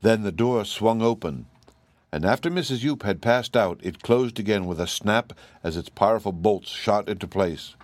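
A man narrating a storybook aloud with a measured, clear delivery. His voice is low and even. The recording is dry and close, with no room sound. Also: no echo. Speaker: audiobook reader.

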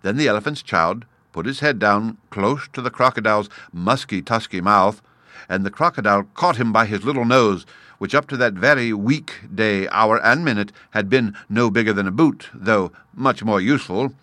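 A man reading a storybook aloud in a measured, expressive way, addressing the listener directly. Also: fairly low pitch, no echo.

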